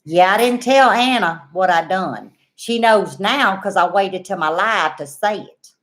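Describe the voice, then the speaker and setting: A middle-aged woman with a Southern US accent, telling a homestead story to her viewers in a folksy, animated way. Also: medium pitch, measured pace. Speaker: homestead vlogger.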